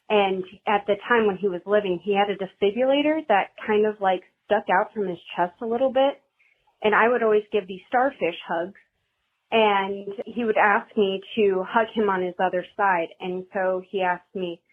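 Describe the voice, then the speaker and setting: A woman's voice: medium pitch, fairly even intonation, normal speed. A woman caller leaving a rambling, nervous voicemail on a podcast hotline, telling a personal story. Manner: rambling, nervous, self-deprecating. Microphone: phone. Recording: tinny phone line.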